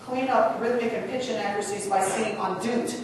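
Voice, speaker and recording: A woman teaches choir technique from a stage in a big, echoing hall, her voice landing from a distance with a long reverb tail. She talks in a lively, chatty way, with the murmur of an audience in the background. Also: medium pitch, brisk, background noise. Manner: lively, chatty, acts out whispered demonstrations. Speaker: choral conductor giving a workshop. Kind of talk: conference lecture with demonstrations. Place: large conference hall.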